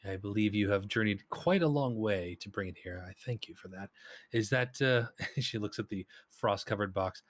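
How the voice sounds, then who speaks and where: A man's voice: on the low side, normal speed, dry recording, studio quality, close to an everyday voice. A man voicing a gracious, hooded noblewoman who speaks with polite formality.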